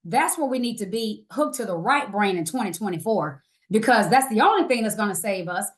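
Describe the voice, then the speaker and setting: A woman's voice: medium pitch, expressive, brisk. A woman from Louisiana, a guest author and herbalist, talking in an emphatic, preacherly way in an interview. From Louisiana, USA. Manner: emphatic, preacherly, quotes scripture. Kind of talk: conversational interview.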